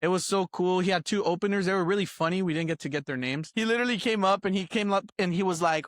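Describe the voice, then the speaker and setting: Young guy with a high voice, podcast host, laughing thru a story and doing everyone's lines, dry close mic. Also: quick pace, few pauses, no echo. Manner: animated, laughs often, acts out quotes. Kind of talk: casual storytelling chat.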